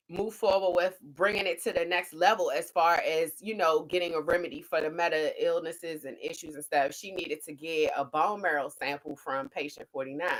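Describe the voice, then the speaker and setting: A woman hosting a casual TV recap vlog, telling the story in an animated, slangy way and laughing often. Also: medium pitch. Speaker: TV episode recap host.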